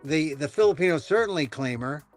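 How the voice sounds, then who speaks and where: A man hosting a casual talk show, rambling and animated, with many restarts. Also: a little high, a little fast, faint music behind. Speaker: podcast host. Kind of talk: casual chat.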